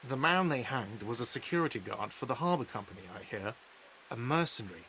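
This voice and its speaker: A man's voice: medium pitch, animated, fairly quick, bright, forceful tone, slight background noise. A man voicing an irritable, weary cafe manager in a video game, curt and defensive. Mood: grumbling.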